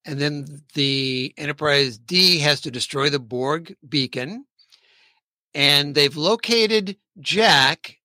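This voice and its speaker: Bright-voiced man leading a chat. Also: fairly high pitch, slow, dry recording. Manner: steers the talk along. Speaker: podcast host. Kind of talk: casual chat.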